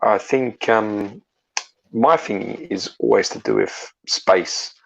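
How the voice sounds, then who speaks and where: A man's voice: lowish voice, slow, gravelly, fairly bright tone, rough recording. A man co-hosting a casual livestream chat, giving frank, opinionated views and swearing freely. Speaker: co-host.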